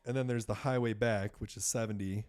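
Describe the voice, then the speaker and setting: Animated man telling a story. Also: on the low side, fairly quick. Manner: animated, many fillers, swears. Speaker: podcast guest. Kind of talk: casual storytelling.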